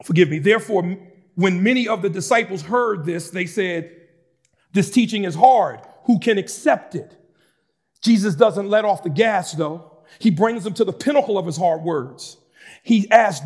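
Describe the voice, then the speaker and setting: High-voiced preacher man, fervent and loud. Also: animated, moderate pace. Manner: shouts and preaches with rising intensity, conversational asides. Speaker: pastor. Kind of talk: sermon.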